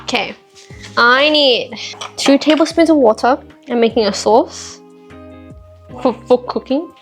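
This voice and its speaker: A woman's voice: sits high, a little slow, faint music behind. A woman vlogging casually while cooking in a home kitchen, chatty and self-mocking as she talks to herself. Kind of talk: casual cooking vlog chat.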